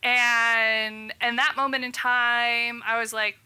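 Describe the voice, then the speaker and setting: A woman's voice: a little high, little pitch movement, takes it slowly, very noisy. A woman in her thirties, a physician, chatting casually and acting out quotes as she tells a story. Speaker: physician guest. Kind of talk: casual podcast chat.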